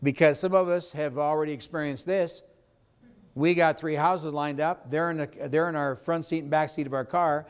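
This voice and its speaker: A man's voice: on the high side, steady tone, moderate pace, smooth. Emphatic man leading a sales seminar. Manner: emphatic, asks the audience questions. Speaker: real estate sales trainer. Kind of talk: live sales training seminar.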